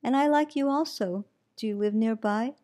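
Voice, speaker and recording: A woman reading the part of a kind, gentle male hermit, speaking quietly and reassuringly. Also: a little high, moderate pace, natural voice.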